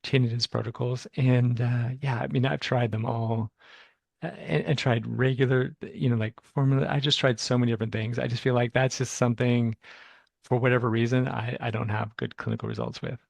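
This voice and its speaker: Man, acupuncturist, gravelly voice, dry close mic, halting reflective talk. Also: mid-range voice, steady tone, no echo. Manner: halting, many restarts, reflective. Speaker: acupuncturist, host. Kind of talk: casual clinical chat.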